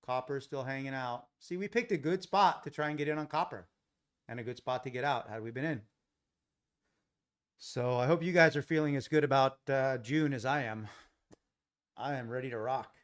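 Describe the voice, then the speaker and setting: A middle-aged American man from Los Angeles runs a live trading stream in a casual, rambling way. He thinks out loud and answers viewers in the chat, recorded on a desk mic in a home office. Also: mid-range voice, normal speed. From Los Angeles, USA. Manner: chatty, thinks aloud, talks to chat viewers.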